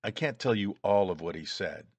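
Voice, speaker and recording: A man reading a first-person story aloud in a measured, deliberate way. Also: low-pitched, expressive, darkish tone, dry recording. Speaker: audiobook reader.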